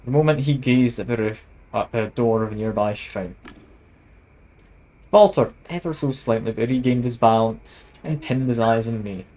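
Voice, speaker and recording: A man streams a video game in casual let's-play style, reading the on-screen text aloud and adding wry, self-mocking asides. His mid-range voice has a darkish tone and a moderate pace. The recording is rough.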